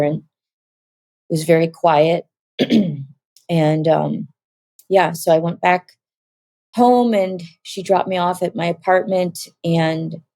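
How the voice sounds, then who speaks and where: Soft-spoken woman, halting testimony. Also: lowish voice, no echo. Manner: soft, halting, reflective storytelling with many fillers. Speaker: interview guest sharing her testimony. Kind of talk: emotional personal testimony.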